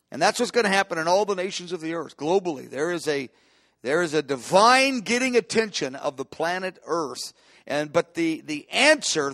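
A man's voice: high voice, fairly bright tone, no echo. Impassioned male preacher, dry sound. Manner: impassioned, builds to emphatic peaks, frequent restarts. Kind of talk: sermon.

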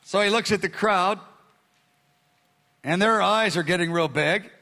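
A man, a pastor, teaching through scripture in a conversational sermon, animated and retelling verses in everyday speech. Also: high voice, a little slow. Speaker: pastor teaching a Bible study.

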